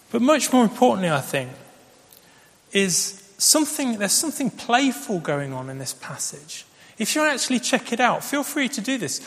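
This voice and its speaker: A man's voice: sits high, big pitch swings, moderate pace, a bit bright. A man preaching a sermon, telling stories in a conversational way with fillers. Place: church. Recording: long reverb of a large church.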